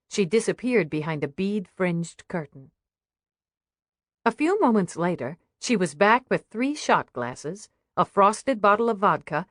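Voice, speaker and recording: A woman narrating an audiobook in a steady, even reading. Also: medium pitch, no room sound, studio quality. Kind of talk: scripted narration.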